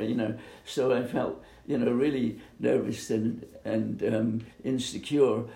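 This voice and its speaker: An older man from Bermuda recalling his youth in an oral history interview, speaking haltingly with many pauses and fillers. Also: mid-range voice, steady tone, creaky, dark tone. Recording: echoey room.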